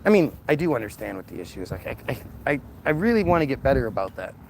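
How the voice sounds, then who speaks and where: A man's voice: mid-range voice, sing-song, fast, vocal fry, slight background noise. A man hosting a solo livestream, talking in a combative, sarcastic way to a rival and his viewers. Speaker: livestream host.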